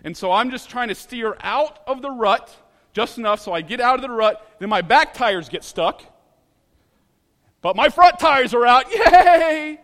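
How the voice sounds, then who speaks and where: A man from Ohio telling a personal story in an animated, dramatic way, laughing at himself as he goes. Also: high voice, moderate pace, big-room sound.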